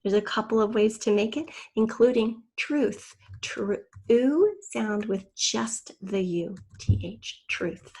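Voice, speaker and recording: A woman teacher giving a patient online spelling lesson to young children, sounding out letters slowly and clearly. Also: medium pitch, lively intonation, a little mellow.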